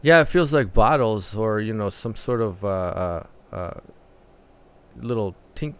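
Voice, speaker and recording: A man hosting a music reaction channel, talking through a track in a thoughtful, analytical way with many filler pauses. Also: fairly low pitch.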